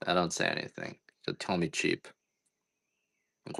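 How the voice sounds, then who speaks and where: A man's voice: sits low, sing-song, measured pace, vocal fry, sharp tone. A man hosting a casual live-stream coffee sale, rambling and joking at his own expense. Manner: rambling, joking, self-deprecating. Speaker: livestream seller of coffee. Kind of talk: casual live-selling chat.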